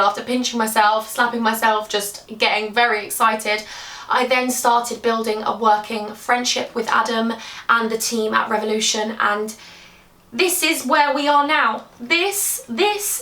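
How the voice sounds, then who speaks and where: A young British woman talks in a gushing, teary rush, her voice sitting a little high. She sounds breathless with excitement as she vlogs. The room is echoey and she is heard from some distance away. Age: 20s. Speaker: beauty YouTuber. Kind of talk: emotional vlog announcement. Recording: roomy, from a distance.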